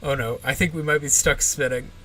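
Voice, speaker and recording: A man's voice: mid-range voice, fairly even intonation, fairly quick, pushed and bright, recorded from a distance, a little hiss or hum, low-quality recording. A man in his forties hosting a casual livestream, muttering to himself as he fixes his settings. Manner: muttering to himself while fixing stream settings. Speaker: livestream host.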